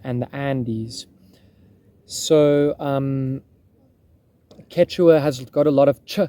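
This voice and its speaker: A man's voice: mid-range voice, dark tone, no room sound. A man reenacting history, explaining in casual talk and often breaking off to restart his thoughts. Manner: musing, self-interrupting.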